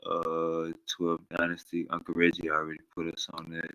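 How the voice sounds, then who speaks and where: Low bright voiced guy on a live stream, rambly, loses his place, gets fired up. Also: completely flat delivery, moderate pace, clear, resonant tone, rough recording. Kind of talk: casual live stream commentary.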